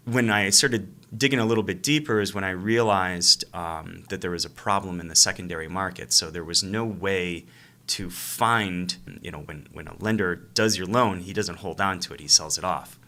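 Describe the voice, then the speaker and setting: Male interview guest, deep voice with a bright edge, acts out dialogue as he narrates. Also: normal speed. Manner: animated storyteller who acts out phone calls. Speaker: real estate investor and coach, interview guest. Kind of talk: casual storytelling in an interview.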